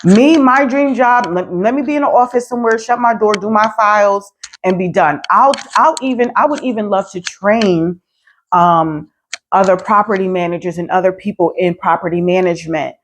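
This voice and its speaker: Woman in her forties, vlogger with a preacherly delivery, exhorting, repeating lines for emphasis, mid-pitched voice. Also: moderate pace, a little hiss or hum. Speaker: vlogger and property manager. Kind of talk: heartfelt encouraging vlog.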